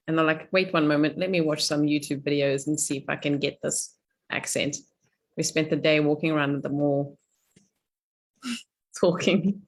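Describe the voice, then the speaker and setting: Woman, middle-aged, life coach, video call, chatty, laughs a lot, lowish voice. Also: fairly even intonation, moderate pace. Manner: breezy, chatty, laughs often. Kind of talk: live online coaching session.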